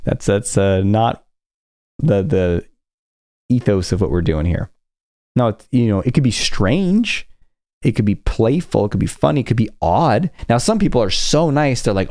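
A low-voiced man hosts a self-help podcast, his pitch swinging widely as he tells stories and acts out what people said. The sound is dry and close, with no room around it. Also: measured pace, no echo. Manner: animated storytelling with acted quotes. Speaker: podcast host.

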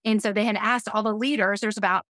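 A woman's voice: mid-range voice, steady tone, quick pace, fairly bright tone, no room sound. A middle-aged woman, a podcast guest, telling a personal story earnestly and with feeling, laughing now and then. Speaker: podcast guest, business leader.

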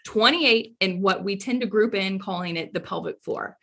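Bright woman podcast host explaining. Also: mid-range voice, normal speed, creaky. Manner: friendly, explanatory, reassuring. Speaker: podcast host, pelvic floor physical therapist. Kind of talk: casual interview chat.

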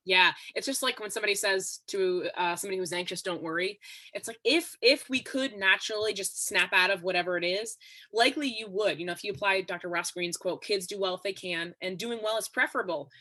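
A woman guest on a podcast interview, explaining ideas in a steady, instructive way. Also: medium pitch, fairly quick. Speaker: expert guest.

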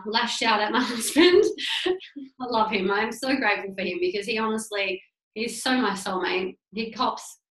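A woman's voice: a little high, a bit bright. A woman who runs her own business tells a personal story from her desk at home, candid and emotional, swearing freely. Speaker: small business owner. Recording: echoey room.

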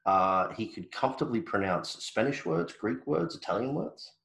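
A man's voice: lowish voice, lively intonation, normal speed, creaky, fairly bright tone, roomy sound, poor audio. An Australian man co-hosting a podcast, chatting in a laid-back, joking way with frequent restarts. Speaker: podcast co-host. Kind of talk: casual chat.

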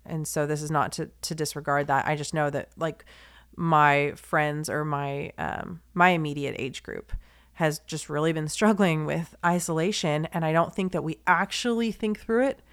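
A woman's voice: deep voice, normal speed, clear, resonant tone. A young woman hosting a podcast, talking in a heartfelt, confiding monologue that rambles along with fillers and restarts and turns emotional. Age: young adult. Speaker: podcast host.

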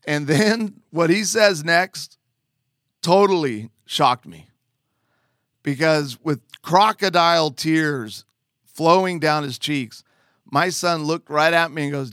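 A man's voice: fairly high pitch, slow pace, fairly bright tone, clean tone, no echo, clean studio sound. A man earnestly telling a personal testimony as a father, conversational with emphatic asides.

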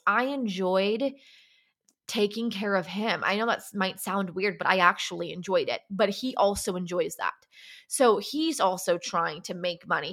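A young woman speaks alone on her own podcast, with a candid, confessional manner. Her sentences often restart, and "like" runs through them. Her pitch sits in the middle for a woman. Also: fairly bright tone. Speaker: podcast host. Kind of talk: solo podcast monologue.

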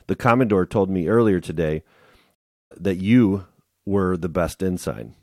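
A man reading aloud the lines of a friendly, brisk middle-aged navy commander in a matter-of-fact, upbeat way. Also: low-pitched, expressive, mellow, no room sound, clean studio sound, heavily acted.

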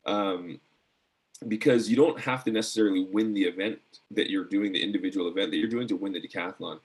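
A man's voice: sits low, fairly quick, slightly rough. A middle-aged man, a former athlete, telling a story in a casual interview, earnest and full of fillers and restarts. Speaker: guest, former decathlete.

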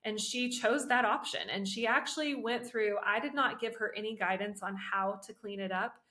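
A woman's voice: medium pitch, normal speed, sharp tone. A woman hosting a parenting podcast, talking in a casual, conversational way and explaining her points through everyday examples.

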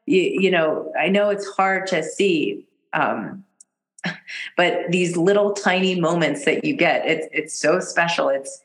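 A woman guest on a podcast, an energy healer telling a personal story in casual chat, animated and laughing often as she acts out what people said. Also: lowish voice, takes it slowly, low-quality recording. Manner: animated, laughs often, jumps into quoted voices.

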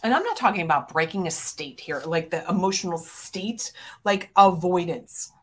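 A middle-aged woman coach delivers a motivational podcast monologue in a slightly low voice. She is blunt and emphatic, swears casually, and puts hard questions to the listener. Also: animated, normal speed. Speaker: business coach and podcast host.

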